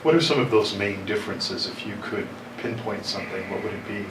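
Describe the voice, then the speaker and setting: A man's voice: lowish voice, fairly quick. A man interviewing a guest, putting a short prompting question. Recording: echoey room, distant mic, hiss.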